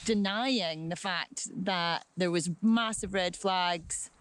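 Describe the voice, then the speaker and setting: A woman's voice: fairly low pitch, takes it slowly, fairly bright tone, slight background noise, poor audio. A woman in her forties talking candidly and a bit rambling with a friend outdoors. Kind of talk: casual chat.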